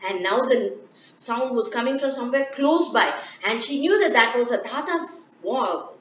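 Gentle woman telling a children's story. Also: fairly high pitch, expressive, a little hiss or hum. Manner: slow and gentle, with fillers. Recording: dull, echoey room, from far off.

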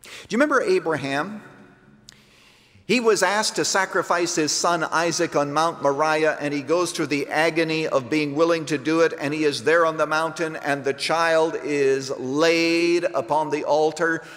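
A pastor preaching a sermon, swinging between hushed, low phrases and emphatic lines. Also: male voice, fairly even intonation, normal speed. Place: church sanctuary. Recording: long reverb of a church hall.

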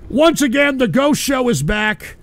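Brash profane man hosting a stream, high lively voice. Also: unhurried. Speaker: host. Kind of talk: casual live stream talk.

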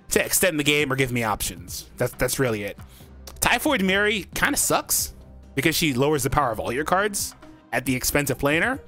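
A young man with a medium-pitched voice hosts a gaming channel, commenting on a card game while he plays. He's excitable, talks to himself, and laughs often.

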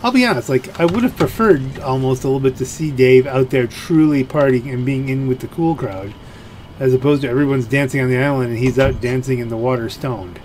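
A man's voice: mid-range voice, brisk, darkish tone, a little hiss or hum. Rambling man musing over a game. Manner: rambling and musing, full of fillers. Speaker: gameplay commentator. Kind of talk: let's play commentary.

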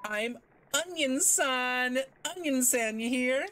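A woman doing a high, gushing onion sea creature. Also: animated, slow, fairly bright tone, slight background noise, exaggerated voice.

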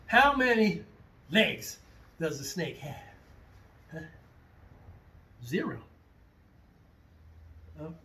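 A man's voice: high voice, fairly bright tone, recorded from a distance. A man leading a children's martial arts class, playfully pretending to be confused and repeating himself as he coaches.

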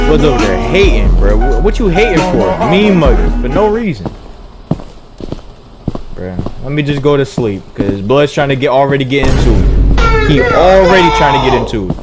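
Slangy, excitable young gamer man. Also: mid-range voice, normal speed, rough recording. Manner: slangy, excitable, repeats phrases. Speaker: gaming YouTuber. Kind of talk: let's play commentary. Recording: commentary over loud game music.

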